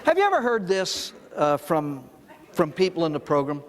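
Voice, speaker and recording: A man's voice: on the high side, moderate pace, big-room sound, a faint crowd. An older man, a priest, giving a recovery talk to an audience, telling stories and asking rhetorical questions. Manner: storytelling, animated, with rhetorical questions.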